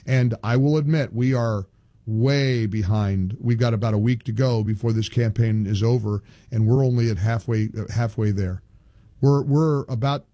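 An older man hosting a talk radio show, talking emphatically and getting louder and higher as he rants. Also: no echo. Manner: animated, emphatic, rising pitch when ranting.

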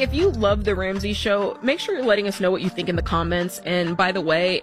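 Upbeat, chatty woman co-host. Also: lowish voice. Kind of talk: casual radio show chat.

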